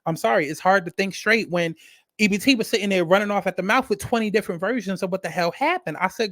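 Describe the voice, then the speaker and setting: A man's voice: sits high, quick pace, a bit bright, dry recording, clean studio sound. A man giving a casual, rambling reality TV review, talking animatedly and profanely and repeating himself for emphasis. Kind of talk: casual commentary rant.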